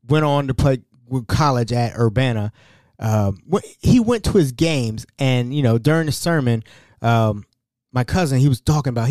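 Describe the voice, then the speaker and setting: A man's voice: medium pitch, warm tone, dry recording, studio quality. A young man hosting a podcast, casually telling family stories with laughs and imitations of relatives. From Ohio. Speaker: podcast host. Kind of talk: casual storytelling monologue.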